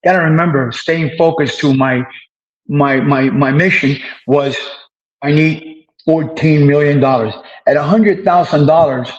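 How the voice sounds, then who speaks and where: An older man, an interview guest, telling stories from his past in a casual, animated way and acting out the dialogue. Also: fairly high pitch, unhurried, lo-fi sound. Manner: animated storyteller who acts out dialogue.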